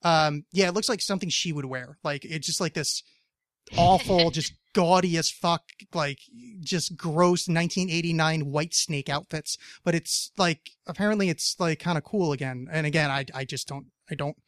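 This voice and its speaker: A man's voice: a little high, moderate pace, a bit bright, no echo, studio quality. A man hosting a casual podcast chat, rambling with many fillers, jokes and swearing. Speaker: podcast host.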